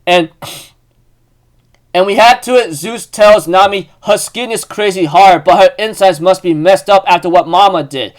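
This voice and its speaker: High-voiced young man rambling through a recap. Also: moderate pace. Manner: rambling, full of fillers and restarts. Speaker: manga recap host. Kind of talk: casual chapter recap.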